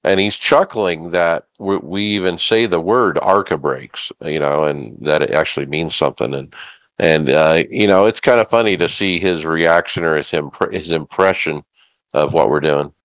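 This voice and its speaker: A man co-hosting a podcast in casual chat, explaining things in a relaxed, measured way. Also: a bass voice, dry recording, dull audio. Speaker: podcast co-host.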